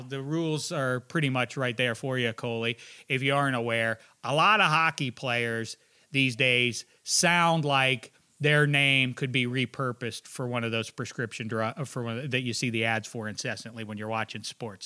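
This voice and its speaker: A man hosting a casual sports podcast, joking loudly and running a quiz game. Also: medium pitch, moderate pace. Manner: loud, joking, animated. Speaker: podcast host.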